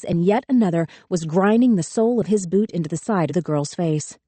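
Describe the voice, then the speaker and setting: Woman reading an audiobook, lowish mellow voice, dry close mic. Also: dry recording. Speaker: audiobook narrator. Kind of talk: scripted narration.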